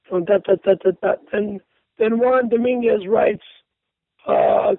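This man reads an online thread on the radio, saying the punctuation out loud, tripping over words and cursing angrily. His high-pitched voice has huge pitch swings and vocal fry, his pace is measured, and the tinny phone-line audio carries no room sound.

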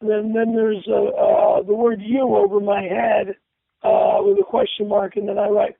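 A man's voice: high voice, measured pace, vocal fry, no room sound. A man reading an online thread aloud on the radio, reading the punctuation out, stumbling over words and cursing indignantly. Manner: reads punctuation aloud, stumbles, swears angrily. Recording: tinny phone-line radio audio.

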